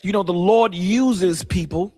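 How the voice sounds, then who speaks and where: A man who is a pastor, explaining his side in a casual debate with a measured, dryly sarcastic manner. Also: sits high, a little mellow, big-room sound, soft background music. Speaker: pastor guest.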